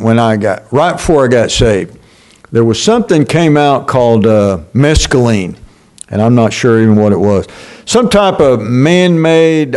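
An older man preaching a sermon as pastor, slow and emphatic, with halting restarts. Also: medium pitch, darkish tone.

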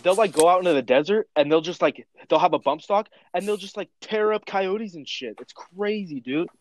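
A man's voice: sits high, fairly quick, no echo. A young man chatting casually, telling rambling stories full of slang and swearing. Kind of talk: casual chat.

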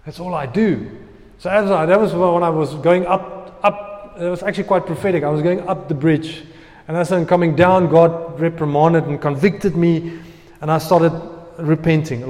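A young man preaching, telling a personal story in an animated way and acting out his own prayers. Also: fairly high pitch, normal speed, long reverb tail. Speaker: pastor.

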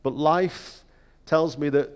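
A man preaching a sermon in a reflective, measured way, with emphatic rhetorical questions. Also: fairly high pitch, smooth. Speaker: pastor. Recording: long hall reverb.

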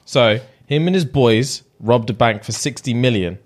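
A man's voice: medium pitch, moderate pace. A man co-hosting a casual chat, thanking listeners and retelling stories while acting out the people in them. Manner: animated, acts out people in the story. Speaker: podcast co-host.

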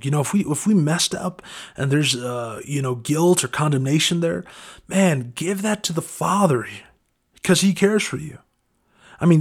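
A man preaching a casual devotional talk, conversational and earnest, often saying "man" and "you know". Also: mid-range voice.

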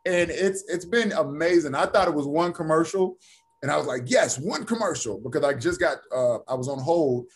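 Animated man telling stories, fairly high voice. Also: fairly quick. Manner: animated storyteller, acts out quoted voices. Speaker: actor and author, interview guest. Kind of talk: casual interview chat.

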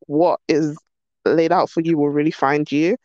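A woman's voice: deep voice, normal speed, dry recording, highs cut off. A woman talking as a podcast guest in casual, bubbly chat that pokes fun at herself. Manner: bubbly, animated, self-mocking.

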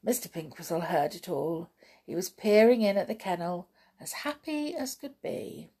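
A woman reading a children's story aloud as a podcast host, gentle and expressive. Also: fairly low pitch, moderate pace, husky. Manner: gentle, expressive, chatty sign-off.

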